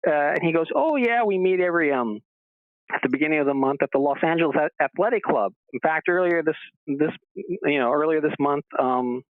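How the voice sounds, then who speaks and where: Speaking briskly in a fairly high voice, a man recounts stories as an interview guest, raising his voice to act out the dialogue with lively animation. The recording is dry and sounds like a tinny phone line.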